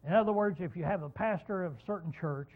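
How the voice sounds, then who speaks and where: Guy with a high voice teaching a bible lesson, asks and answers his own questions, tinny phone-ish audio. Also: quick pace. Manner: explanatory, rhetorical questions, repeats key words. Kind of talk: teaching sermon.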